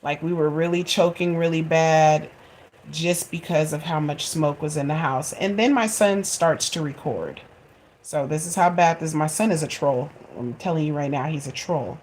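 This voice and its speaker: A woman in her forties telling a funny home story to her viewers in a chatty, expressive way and laughing at herself. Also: deep voice, moderate pace, a little hiss or hum. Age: 40s. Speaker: vlogger. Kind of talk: casual storytelling to camera.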